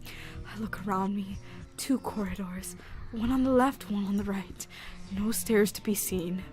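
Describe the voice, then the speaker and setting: A woman voicing a frightened shy teenage girl in whispered role-play, reading anxious first-person game narration in a hushed voice. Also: medium pitch, unhurried, faint music behind, close to an everyday voice.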